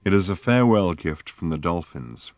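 An eccentric older scientist, calm and earnest, lecturing in a very low, deep voice, as a man reads him out in an audiobook. The sound is dry and close, with no room around it. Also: normal speed, no room sound, lo-fi sound. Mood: low wistful. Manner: earnest, lecturing, calmly reflective.

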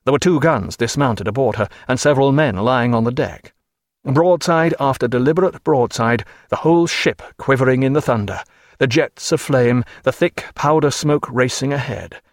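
A man reading an audiobook with steady, vivid storytelling. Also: medium pitch, normal speed, no room sound, studio quality. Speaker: narrator. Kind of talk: audiobook narration.

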